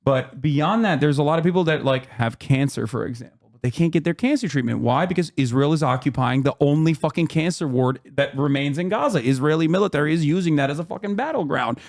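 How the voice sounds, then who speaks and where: A man's voice: a little high, fast talker, few pauses, darkish tone. Heated, swearing male streamer. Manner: heated, swearing, emphatic rants. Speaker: streamer host. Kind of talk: casual political commentary.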